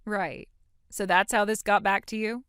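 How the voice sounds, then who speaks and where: A defiant young woman, voiced by an actress, who answers with blunt sarcasm in a mid-range voice. The sound is dry and close to the mic. She holds a steady, cutting manner in a dramatic voiced story. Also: mid-range voice, measured pace, clear, resonant tone, no room sound, natural voice. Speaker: grown daughter in a voiced story.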